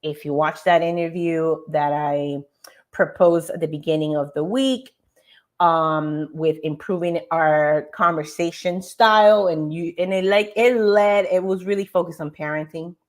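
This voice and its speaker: A woman hosting a morning show, giving an emphatic, animated motivational talk over slides and speaking straight to her audience. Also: deep voice, a little slow. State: tired.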